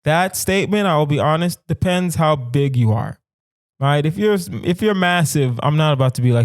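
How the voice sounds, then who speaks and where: Animated man riffing comedically. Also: on the high side, a little fast, dry recording, studio quality. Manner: animated, emphatic, repetitive riffing. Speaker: podcast host. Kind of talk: casual comedic monologue.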